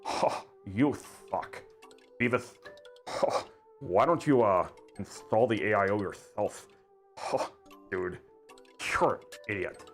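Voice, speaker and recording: Man doing a slack, low-drawling cartoon teen. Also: animated, slow, pauses often, faint music behind. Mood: dopey. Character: dim-witted snickering teen cartoon boy. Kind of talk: livestream impression.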